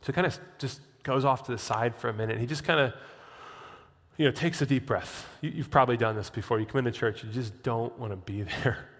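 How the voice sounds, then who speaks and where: A man's voice: mid-range voice, fairly quick, in a large hall. A man preaching a sermon as the pastor, telling a story and acting out what people think to themselves. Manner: animated storytelling preacher, acts out inner voices.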